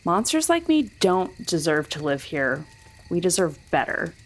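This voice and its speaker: A woman playing a defiant monster hero in a tabletop game, speaking slowly with quiet menace. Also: fairly low pitch, sing-song. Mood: menacing.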